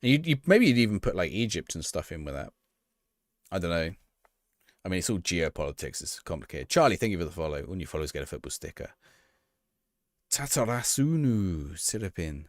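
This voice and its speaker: A man's voice: sits low, very animated, a little fast, dry recording, clean studio sound. A man casually chatting on a live stream as he plays a football management game, thinking aloud and talking to his chat.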